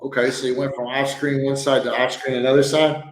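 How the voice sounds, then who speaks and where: A man's voice: medium pitch, little pitch movement, a little fast, slight background noise. A man hosting a casual livestream from a sparse room at home, telling rambling stories and joking, laughing often. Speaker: livestream host. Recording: echoey room.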